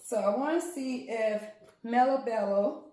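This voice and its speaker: Unpacking yarn at home, a woman gushes over every skein in a casual unboxing vlog. The crafting vlogger has a fairly high, warm voice and a slightly slow pace, and the room echoes heavily.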